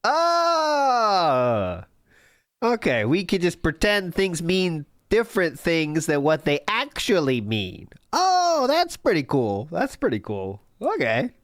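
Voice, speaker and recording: A man's voice: high-pitched, wildly swooping pitch, takes it slowly, a bit bright, no echo, studio quality. A man streaming live, reacting to clips with sarcastic, mocking commentary.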